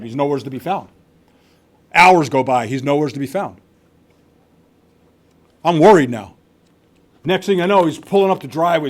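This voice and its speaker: Older man giving candid testimony. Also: mid-range voice. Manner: candid storytelling with repeated restarts and wry asides. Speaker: recovery meeting speaker. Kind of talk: personal testimony to a live meeting. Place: meeting hall.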